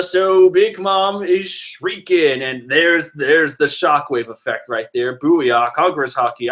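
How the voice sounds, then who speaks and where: Excitable laughing man reading comics. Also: on the high side. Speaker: manga reaction vlogger. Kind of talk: casual comic reading commentary.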